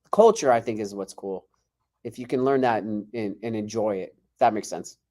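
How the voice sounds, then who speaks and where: Animated man telling stories. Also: on the low side, brisk. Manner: animated, acts out quoted dialogue. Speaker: martial arts instructor and guest. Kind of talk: casual podcast storytelling.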